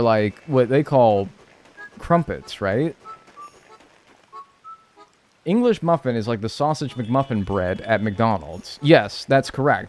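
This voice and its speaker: Lively American man streaming. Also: medium pitch. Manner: joking banter with chat, swears freely. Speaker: streamer playing a life-sim game. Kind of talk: casual live-stream chat.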